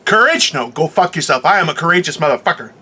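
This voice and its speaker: Lively, high-voiced joking man. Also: fast talker, noisy background. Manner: profane, joking, animated rant; puts on silly voices when quoting people. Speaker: co-host. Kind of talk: unscripted casual chat.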